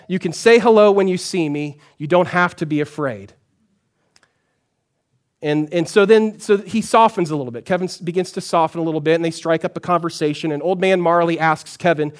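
Pastor preaching in a conversational tone. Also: male voice, clean tone. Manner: storytelling, conversational, often drops to a soft low voice. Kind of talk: sermon.

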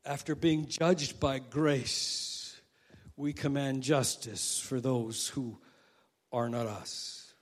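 A male pastor preaching a sermon, swinging from quiet asides to loud, emphatic quoted prayers. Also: medium pitch, fairly even intonation, slow.

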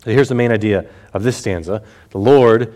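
Low-voiced man teaching the Bible. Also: moderate pace, dark tone. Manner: explanatory, repeats key phrases for emphasis.

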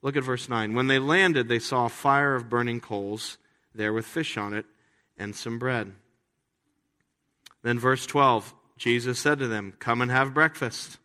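A man preaching a sermon as a pastor, talking in a conversational way with playful, animated asides. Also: medium pitch, measured pace, big-room sound.

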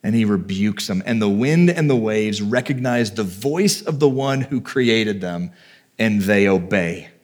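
A man's voice: lowish voice, animated, measured pace. A man preaching a sermon, reading scripture aloud and retelling it in a conversational, heartfelt way with personal stories. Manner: conversational, reads scripture then retells it with feeling. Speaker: pastor.

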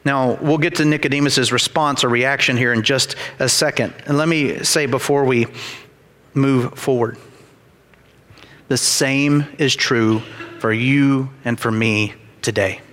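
A man's voice: mid-range voice, steady tone, unhurried, fairly bright tone. Emphatic male pastor preaching in a hall. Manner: emphatic, repeats phrases, dramatizes quotes. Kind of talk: sermon. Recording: reverberant hall.

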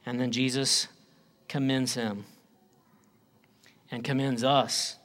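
A man preaching a sermon, swinging between loud declarations and low, quiet phrases. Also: level tone, slow pace. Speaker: pastor.

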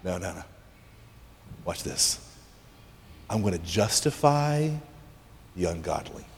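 A preacher putting on a tender, resolute God who speaks low and slow, with hushed, deliberate words. It rings out with a long hall reverb behind it. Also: male voice, slight background noise, close to an everyday voice. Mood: confiding. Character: God, a loving, resolute divine father.

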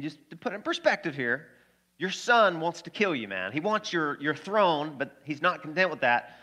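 A man preaches with lively, conversational energy, turning often to his congregation with questions. His voice sits a little high and rings bright and forceful. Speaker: pastor. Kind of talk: sermon.

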